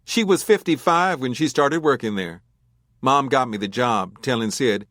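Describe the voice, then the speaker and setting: A man reading a crime novel audiobook as narrator, in a measured, even storytelling manner. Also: mid-range voice, dry recording, clean studio sound. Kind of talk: scripted narration.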